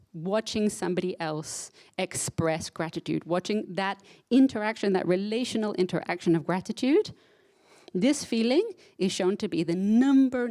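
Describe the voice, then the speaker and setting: A woman's voice: mid-range voice, a little mellow. A woman psychotherapist giving a live conference talk, conversational and emotional, often checking in with the audience. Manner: conversational, engages audience with frequent "right?"; emotional, self-described crier.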